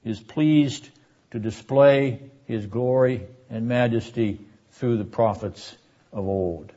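An older man teaching a seminary class on a biblical prophet, speaking in a measured, emphatic way and sounding out Hebrew words. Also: lowish voice, darkish tone, highs cut off. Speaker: seminary lecturer. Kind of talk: classroom Bible lecture.

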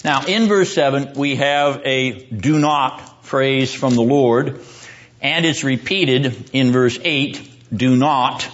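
A man's voice: medium pitch, slow, a bit bright, lo-fi sound. A man teaching a seminary class on the Bible, quizzing his students and driving points home by repeating them.

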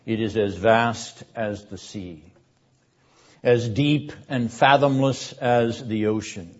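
An older man teaching a seminary class on scripture in a measured, deliberate lecture style. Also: fairly low pitch, fairly even intonation. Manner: measured, deliberate delivery, rising in force for quoted verses. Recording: dull lo-fi lecture recording.

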